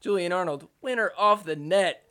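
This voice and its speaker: A man hosting a podcast, recapping pickleball matches over footage in a casual, jokey, excitable way and mock-quoting the players. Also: high-pitched, normal speed, a little hiss or hum.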